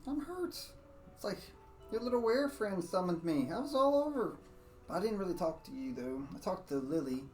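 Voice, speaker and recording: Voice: mid-range voice, lively intonation, normal speed, distant mic, soft background music, lightly acted. A game master voicing a sly, mocking male devil merchant who teases and gloats. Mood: mock-innocent. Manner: teasing, gloating.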